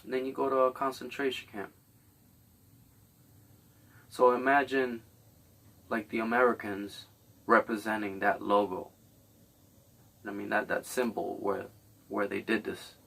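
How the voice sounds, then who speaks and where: A man's voice: on the low side, fairly even intonation, a little slow, gravelly, long pauses, a bit bright, distant mic. A man hosting a podcast, delivering a rambling, blunt, profane comedic monologue. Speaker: podcast host.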